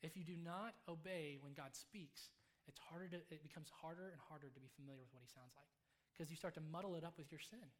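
A young adult man preaching a sermon in a conversational, storytelling way, dropping to soft, hushed tones for quiet moments. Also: a little high.

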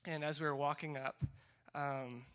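Bright-voiced young man telling a story. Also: on the high side, moderate pace. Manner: animated storytelling with acted-out dialogue. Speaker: speaker sharing a mission trip story. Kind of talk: testimony talk to a group.

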